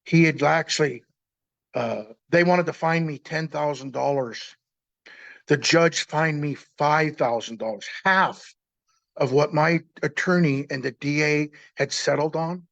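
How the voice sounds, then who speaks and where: A man's voice: fairly high pitch, unhurried, creaky, fairly bright tone, dry recording, highs cut off. A man in his sixties casually telling his own story, plain-spoken and rambling, acting out remembered conversations.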